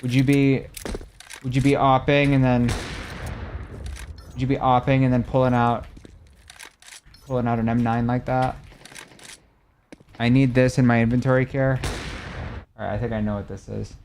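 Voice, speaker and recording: A young adult man streaming live, chatting casually with his viewers and reacting animatedly, his voice swinging between loud and soft. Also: medium pitch, level tone, normal speed, pauses often, slight background noise.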